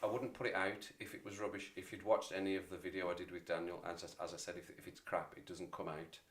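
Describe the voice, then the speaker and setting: A man's voice: sits low, flat delivery, fast. A man in his forties hosting a casual livestream chat, rambling and self-deprecating as he talks to viewers. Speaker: livestream host.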